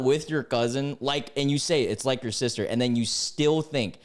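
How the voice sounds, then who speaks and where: A man in his twenties reads online posts aloud and reacts to them with excitable rants. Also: moderate pace, hardly any pauses. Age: 20s. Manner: excitable, ranting, sudden jumps in pitch. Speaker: YouTuber reading Reddit posts.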